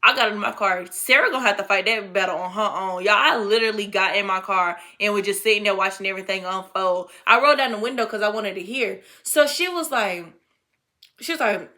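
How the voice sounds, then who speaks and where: Bright-voiced blunt young woman storyteller. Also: mid-range voice, a little fast. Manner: animated, blunt, profane, slangy. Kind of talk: casual storytime vlog.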